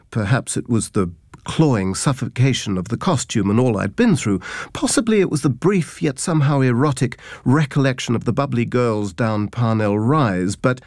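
A man's voice: mid-range voice, a little mellow, no echo. A man giving scripted narration of humorous memoir anecdotes, in a wry, dry, self-mocking storytelling manner.

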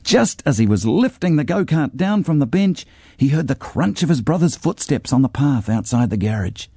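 A man narrating a children's storybook with an expressive, varied delivery. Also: fairly high pitch, normal speed, breathy edge, no room sound, studio quality. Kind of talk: storybook reading.

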